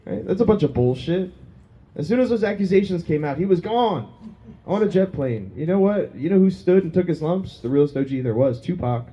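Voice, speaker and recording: A man's voice: high-pitched, lively intonation, brisk, dark tone, highs cut off. A man doing a crude, self-mocking stand-up set on a small pub stage, laughing at his own jokes. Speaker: stand-up comedian.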